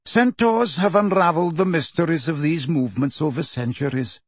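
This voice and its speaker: A man reading a calm, aloof male centaur teacher in a slow, measured voice for an audiobook. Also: on the high side, breathy edge, dry recording. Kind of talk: audiobook character voice.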